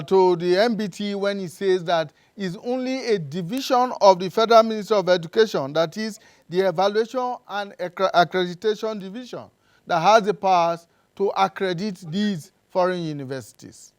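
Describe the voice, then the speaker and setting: A male TV host puts direct questions to his guest. His voice sits high for a man and sounds smooth and clear. The sound is dry, with no room echo. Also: normal speed. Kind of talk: television interview.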